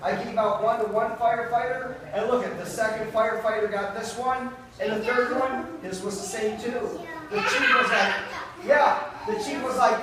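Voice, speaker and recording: High-voiced man telling a magic story to kids. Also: moderate pace, crowd noise. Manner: animated, keeps calling the kids "you guys". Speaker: children's magician and fire safety performer. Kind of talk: storytelling magic show for children. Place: daycare center room, indoors. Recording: very echoey room, from far off, noisy.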